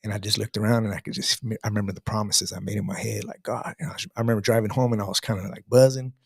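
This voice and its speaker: Fast-talking man telling his testimony. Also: fairly low pitch, fairly even intonation, vocal fry, slightly rough, no echo, clean studio sound. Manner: fast, emphatic, street slang, many restarts. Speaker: guest sharing testimony. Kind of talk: casual storytelling testimony.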